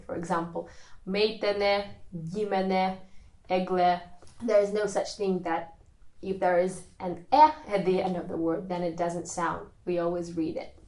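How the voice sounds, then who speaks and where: A woman teaching a recorded language lesson, explaining rules slowly and carefully with spoken examples. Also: on the low side, a little mellow. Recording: echoey room.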